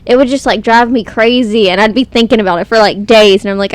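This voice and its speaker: Blunt, fast-talking woman. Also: mid-range voice. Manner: blunt, talks in quick bursts. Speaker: podcast co-host. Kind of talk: casual chat.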